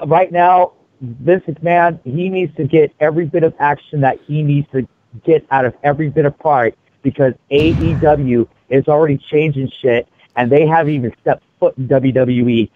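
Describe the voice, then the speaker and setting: A man co-hosting a casual online hangout show, excitable and rambling with many fillers. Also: fairly high pitch, moderate pace, no echo. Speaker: co-host. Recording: dull lo-fi mic.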